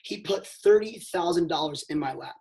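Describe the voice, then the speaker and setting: A man telling a motivational story on a mentorship call, emphatic and excitable, swinging between hushed and loud and calling listeners "bro". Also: on the high side, moderate pace. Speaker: network marketing mentor.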